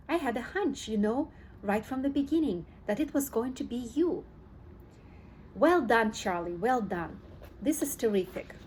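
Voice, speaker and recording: A woman's voice: fairly high pitch, darkish tone, a little hiss or hum. Woman doing a gushing, eccentric Mister Wonka. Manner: gushing, brisk and theatrical. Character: eccentric cheerful male chocolate-maker. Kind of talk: audiobook character reading.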